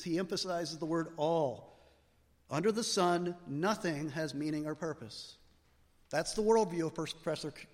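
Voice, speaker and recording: A man's voice: sits high, fairly bright tone. A man preaching an expository sermon, explaining word meanings and asking rhetorical questions. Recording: long hall reverb.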